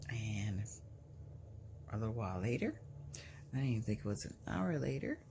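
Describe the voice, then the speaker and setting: Woman, chatty home vlogger, slow-paced with a lot of fry in her voice. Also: extremely low pitch, darkish tone, slight background noise. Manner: rambling, chatty, breaks off to talk to pets. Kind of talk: casual storytelling.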